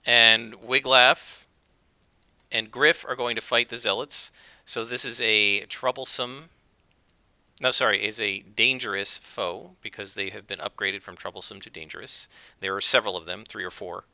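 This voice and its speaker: A man's voice: fairly low pitch, steady tone, moderate pace, bright, forceful tone, dry recording. A man narrating his solo tabletop game, thinking aloud and explaining dice rolls with frequent fillers and corrections. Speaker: game master and solo player.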